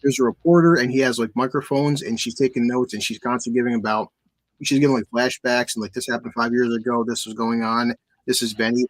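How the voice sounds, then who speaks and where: A man's voice: medium pitch, steady tone, quick pace. A man hosting a casual movie review podcast, rambling with frequent restarts. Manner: rambling, many restarts and fillers. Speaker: podcast host.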